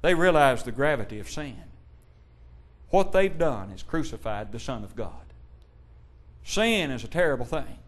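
A man preaching a sermon, asking the congregation rhetorical questions and quoting old-style scripture, shifting between loud emphasis and hushed tones. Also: a little high. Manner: King James scripture quotations.

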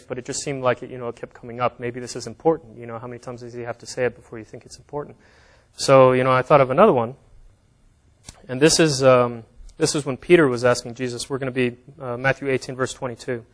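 Give me a man giving a conversational sermon, reading scripture and explaining it plainly. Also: mid-range voice. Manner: conversational, with fillers and plain examples. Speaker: preacher.

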